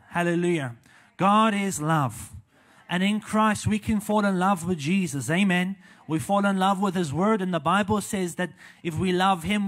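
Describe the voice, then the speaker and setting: High-voiced South African evangelist preaching. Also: male voice. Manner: animated preaching with frequent hallelujahs and amens; walks around while preaching. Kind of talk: sermon. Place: church.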